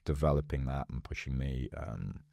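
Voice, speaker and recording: A man with an extremely deep voice chats casually as an interview guest. He tells stories in a lively way and slips into the voices of the people he quotes. The recording is dry and close, with no room sound. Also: moderate pace, vocal fry, dry recording. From England. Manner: lively storyteller who acts out quoted voices. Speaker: podcast guest.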